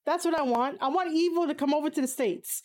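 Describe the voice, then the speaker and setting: A woman with a slightly high voice rants casually, reading out viewers' comments and firing back at them. She swears bluntly, leans on fillers and laughs often, jumping into high exclamations when something surprises her. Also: fast, a little mellow. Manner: blunt and profane, frequent fillers. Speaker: streamer reading chat. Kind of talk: casual opinionated chat.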